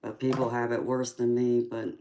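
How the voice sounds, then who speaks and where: A woman in her forties with a Southern Georgia drawl, reading tarot on a live chat. She talks to viewers in an affectionate way, calls them sweetheart and pauses on ums. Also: extremely low pitch, little pitch movement, mellow, slight background noise. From California. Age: 40s.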